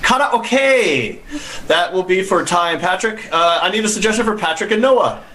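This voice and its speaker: A man's voice: high-pitched, expressive, normal speed, sharp tone. A man hosting an online improv comedy show, upbeat and loose, explaining games and taking suggestions.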